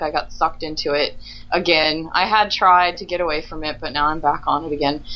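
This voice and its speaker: A woman's voice: low voice, fairly bright tone. Woman on a muffled laptop call. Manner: rambling, laughs between thoughts. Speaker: podcast guest on a video call. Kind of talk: casual chat. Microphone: laptop mic over internet call. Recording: dull lo-fi laptop call audio.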